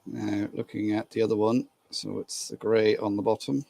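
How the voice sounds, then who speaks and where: A man's voice: lowish voice, flat delivery, moderate pace, gravelly, mellow, breathy edge, dry recording. A man from Ireland hosting a casual live stream, chatting and laughing with viewers while he works on a model train. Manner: chatty, laughs easily, greets viewers by name.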